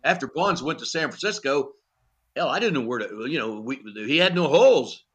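A husky, mid-range male voice at normal speed belongs to an older former pitching coach, guesting on a podcast with blunt, salty stories. He animates the tales by acting out each exchange, relying on lots of "you know."

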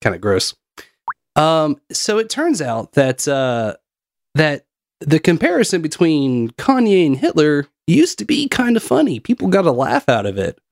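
Male podcast host, casual, joking, lively pitch, dry close sound. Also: unhurried, gravelly, no echo. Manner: laughs often, loose and joking. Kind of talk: casual chat, reading out chat messages.

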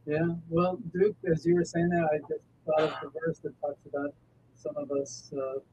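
A man co-hosting a faith radio talk show, speaking in a measured, reflective way and bringing in scripture. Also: a little high, fairly even intonation, a little mellow, lo-fi sound, a little hiss or hum. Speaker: radio co-host.

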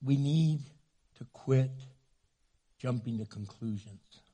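A man preaching a sermon as a pastor, from New Mexico, joking with the congregation and doing quick funny voices. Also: medium pitch, dark tone, breathy edge.

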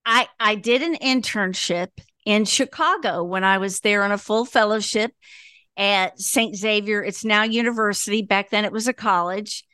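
A middle-aged woman from Indiana, a radio broadcaster, telling an animated, self-mocking story in an interview with bursts of laughter. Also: mid-range voice, moderate pace, clear, resonant tone, no echo, clean studio sound. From Indiana, USA.

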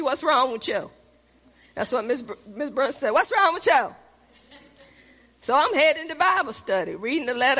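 A middle-aged woman preaching a sermon, calling out to the congregation and dropping at times to a hushed whisper. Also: high-pitched. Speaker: pastor.

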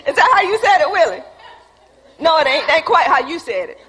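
A woman preacher in the style, delivering a lively call-and-response sermon with playful emphasis. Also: sits high, fairly quick. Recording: echoey hall with long reverb.

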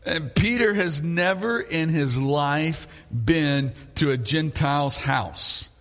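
A man preaching a sermon as a pastor, telling the story in an animated way and chuckling often. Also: a little high, slow pace, soft background music. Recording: long hall reverb.

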